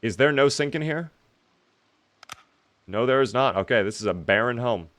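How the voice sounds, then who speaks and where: This young man sounds animated, with a medium-pitched, fairly bright voice at a moderate pace. During his zombie survival game stream, he casually reads viewer questions out and answers them.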